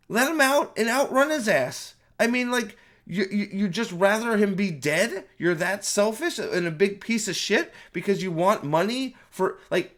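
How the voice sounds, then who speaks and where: A man's voice: high voice, fairly bright tone. A man giving a profane, exasperated movie review at home, ranting with many restarts and repeated words.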